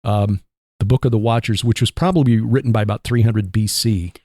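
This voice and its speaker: A man with a Midwestern accent hosting a casual Christian radio talk show, rambling and halting with fillers. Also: on the low side, fairly even intonation, mellow, dry recording, studio quality. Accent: Midwestern American. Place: barn studio.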